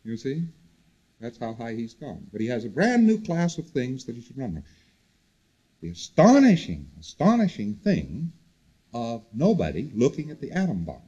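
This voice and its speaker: Male lecturer, lively up-and-down delivery, conversational, repeats for emphasis, husky. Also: mid-range voice, moderate pace, lo-fi sound. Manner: conversational, repetitive, animated emphasis. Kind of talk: recorded lecture to students.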